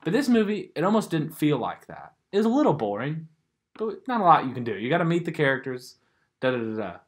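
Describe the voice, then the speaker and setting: A man's voice: a little high, very animated, fast talker. A man with a light Southern US accent, co-hosting a podcast in a casual, rambling way and filling his talk with "like.". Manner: rambling, filler-heavy, says "like" a lot. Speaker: podcast co-host. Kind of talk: casual chat.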